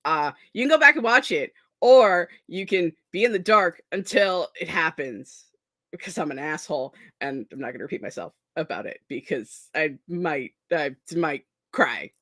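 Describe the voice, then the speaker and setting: A low, expressive voice with a fairly bright tone belongs to a sleep-deprived young woman hosting a productivity live stream. At a moderate pace she rambles scatteredly with viewers, teasing herself and laughing often, and the recording is dry and studio-quality.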